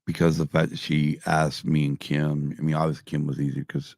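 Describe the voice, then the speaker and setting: Tipsy and still drinking, this middle-aged podcast host rambles through a casual live stream, cursing constantly. He speaks briskly in a very deep, level, darkish voice. The recording is dry and of studio quality.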